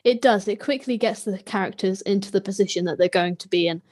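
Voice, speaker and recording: A woman's voice: medium pitch, brisk, darkish tone. A woman co-hosting a podcast, reviewing a TV episode in casual chat with a wry, lightly sarcastic manner. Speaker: podcast co-host.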